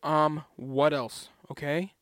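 A man's voice: fairly high pitch, little pitch movement, slow, a bit bright, no room sound, studio quality. A young man vlogging in a casual, rambling way, chatty and self-deprecating.

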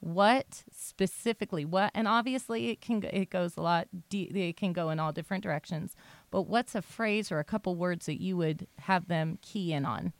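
A woman's voice: lowish voice, moderate pace, dry recording. A woman hosting a podcast, chatting casually and affirming her guest as she asks questions. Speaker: podcast host.

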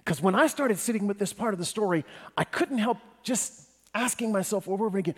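A man's voice: sits high, expressive, fast, slightly rough. Man preaching with a long church echo. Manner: addresses the congregation directly, swinging between hushed and emphatic. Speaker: pastor. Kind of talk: sermon.

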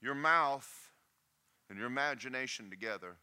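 A man preaching a sermon, emphatic and folksy, often shouting to the congregation in a church. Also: medium pitch, normal speed, clean tone.

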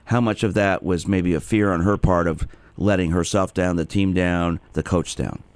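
Low-voiced male call-in radio host. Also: steady tone, normal speed, no room sound. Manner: restarts and repeats words while speaking.

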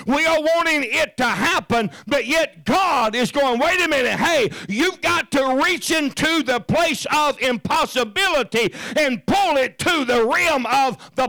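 A preacher with a high, gravelly voice and a bright, forceful edge. He reads scripture quietly, then builds to shouting, stumbling over repeated words in his fervor. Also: no room sound. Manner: repeats words and restarts when fired up. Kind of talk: sermon.

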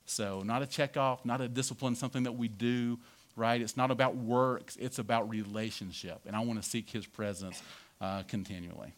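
A man's voice: medium pitch, fairly even intonation, brisk. Conversational man preaching, "right?" asides. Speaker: pastor. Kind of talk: sermon.

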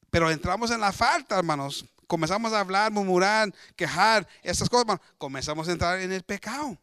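A man's voice: fairly high pitch, fairly bright tone, clean tone, no echo, studio quality. A man preaching an emphatic bilingual sermon, switching between Spanish and English and often calling out to his congregation. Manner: emphatic, repetitive, addressing the congregation as brothers.

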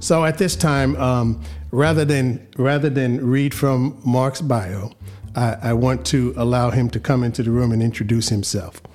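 A man's voice: medium pitch, fairly even intonation, darkish tone, faint music behind. New pastor guy hosting faith talk, earnest, lots of restarts. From New York, US. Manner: measured, earnest, restarts often. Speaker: podcast host, reverend.

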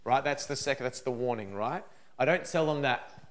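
A man's voice: medium pitch, normal speed. A man giving a parenting seminar to a live audience, acting out what parents and children say. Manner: animated, acts out parent and child lines. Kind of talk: seminar talk with acted examples.

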